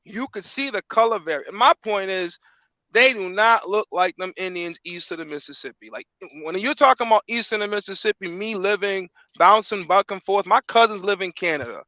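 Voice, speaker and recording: A man's voice: high voice, fairly quick, pushed and bright, no room sound. Rambling man on a dull lo-fi line. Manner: rambling, filler-heavy, constant "like". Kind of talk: casual chat. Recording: dull lo-fi dry sound.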